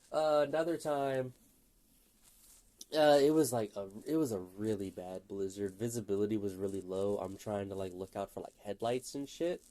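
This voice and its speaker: A man's voice: on the low side, dark tone. A man telling rambling, profane anecdotes in a casual, chatty way, often laughing at his own stories. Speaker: gaming channel storyteller.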